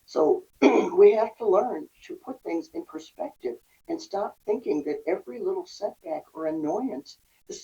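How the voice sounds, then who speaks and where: A woman's voice: mid-range voice, expressive, unhurried, mellow. A woman guest on a podcast, talking earnestly about parenting and resilience and acting out little scenes in quoted speech. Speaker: guest, recovery and parenting coach. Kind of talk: conversational podcast advice. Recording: distant dull lo-fi mic.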